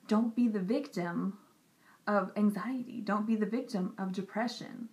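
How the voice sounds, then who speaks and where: A young woman talking earnestly and directly to camera in a personal vlog. She repeats herself for emphasis and sometimes drops into soft, whispery asides. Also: mid-range voice, unhurried. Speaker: Christian vlogger. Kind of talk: personal encouraging talk to camera.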